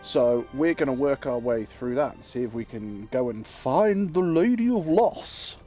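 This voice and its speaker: A man's voice: mid-range voice, expressive, measured pace, mellow, faint music behind. A man, chatting casually and joking with viewers while streaming a game. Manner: chatty, jokey, talks to his viewers. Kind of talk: casual live-stream chat.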